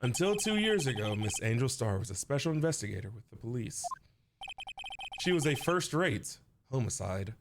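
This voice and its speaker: A man's voice: mid-range voice, big pitch swings, normal speed, a little hiss or hum, pitched below the performer's own voice. A man voicing a cold, stern young male prosecutor who speaks curtly and commandingly. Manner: curt, commanding.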